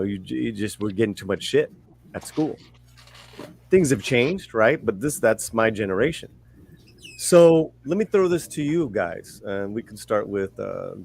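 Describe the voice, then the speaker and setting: A man hosting a casual panel discussion, talking in a relaxed way, steering the conversation and swearing casually. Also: on the low side. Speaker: host.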